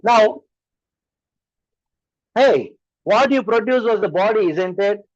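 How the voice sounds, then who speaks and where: Slow and expressive, a high-pitched man with an Indian English accent gives a sermon as a spiritual teacher, driving home his message with rhetorical question after rhetorical question. The recording is dry and lo-fi.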